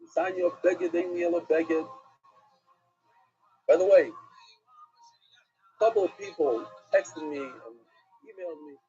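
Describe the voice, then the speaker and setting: A man, a rabbi, giving an animated Talmud class lecture, asking and answering questions with emphasis. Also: fairly high pitch, slow pace, pauses often. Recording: dull lo-fi recording with faint music.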